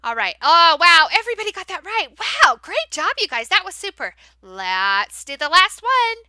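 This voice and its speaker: A woman teacher demonstrating how to run a class for young learners, switching between explaining to other teachers and modeling big, excited praise for kids. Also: very high voice, normal speed, no room sound. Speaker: teacher trainer. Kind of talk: training demo, modeling classroom talk.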